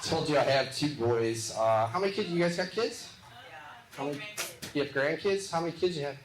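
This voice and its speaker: A man from the Midwest doing live stand-up comedy, joking back and forth with audience members in quick, punchy bits. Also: fairly high pitch. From Midwest of the United States. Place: live comedy show venue. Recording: echoey live venue with loud crowd noise. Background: audience laughter and applause.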